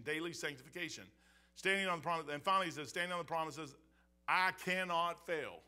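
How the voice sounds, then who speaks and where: An older man preaches a sermon in a church in a folksy, rambling manner. His voice sits high and sounds bright and forceful. He stumbles through restarts and keeps tossing in an easy "man" as he talks. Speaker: pastor. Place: church sanctuary.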